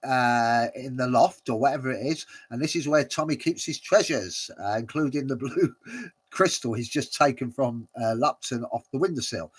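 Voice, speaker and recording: A man's voice: mid-range voice, moderate pace, slightly rough. A man hosting a watch-along, commenting casually and rambling with many fillers and frequent chuckles.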